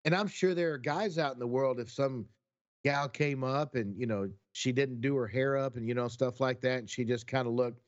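A man co-hosting a podcast in casual chat, excitable and quick to jump in with his own stories. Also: mid-range voice, highs cut off. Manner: excitable, jumps in to retell stories. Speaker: podcast co-host.

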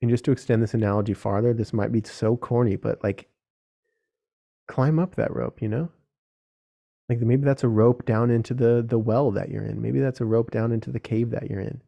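A man's voice: mid-range voice, fairly even intonation, moderate pace, creaky, warm tone. A young man hosting a solo podcast, talking earnestly and directly to other men, casual and with some swearing. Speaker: podcast host.

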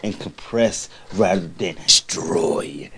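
A solemn male demon, as a man puts him on, intoning blessings at a crawling pace. The voice sits fairly low and drags out each phrase with an ominous weight. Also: takes it slowly, a bit bright, slight background noise.

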